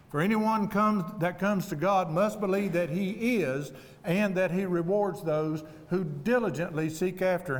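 A man preaching an evening sermon, earnest and humble, speaking in a measured way with deliberate pauses. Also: a little high. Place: church auditorium. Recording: long reverb of a church hall.

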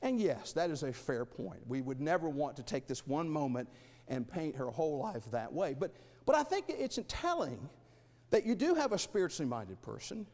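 A man preaching a sermon, asking rhetorical questions and swinging between loud and soft. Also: fairly high pitch, sing-song, normal speed, in a large hall.

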